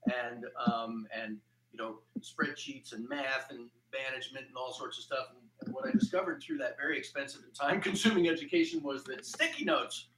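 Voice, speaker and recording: A man joining a morning show as a guest over a video call, excited and rambling in casual chat. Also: medium pitch, fairly quick, hardly any pauses. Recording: echoey room, loud noise.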